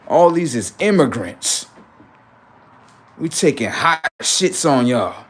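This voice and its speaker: Man on a livestream, profane rant, taunting and heated, slightly higher voice with big swings in pitch. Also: big pitch swings, slow, slight background noise. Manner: heated, taunting, swings between loud jeers and low asides. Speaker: livestream host.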